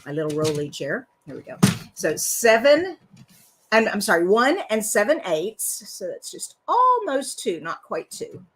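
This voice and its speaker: A woman's voice: mid-range voice, very animated, a little slow, noisy background. A woman hosting a casual live card-making tutorial, chatty and rambling, often laughing.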